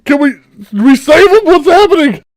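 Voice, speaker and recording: A game master voicing a panicky, startled male warrior who shouts frantic questions. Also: medium pitch, lively intonation, slow pace, voice pushed up. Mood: bewildered. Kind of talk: tabletop game role-play.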